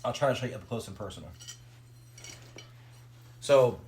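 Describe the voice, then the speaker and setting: A man's voice: mid-range voice, animated, normal speed, darkish tone, a little hiss or hum. A man chatting loosely on a live stream while assembling hardware at home, joking and talking to his dog. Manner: rambling, loose, joking asides to chat and dog. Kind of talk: casual live-stream commentary while building.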